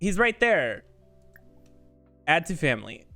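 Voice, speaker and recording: A man streaming a video game, swearing, yelling at the game and laughing in bursts of frantic protest. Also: a little high, big pitch swings, takes it slowly, soft background music. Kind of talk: live-streamed gameplay commentary.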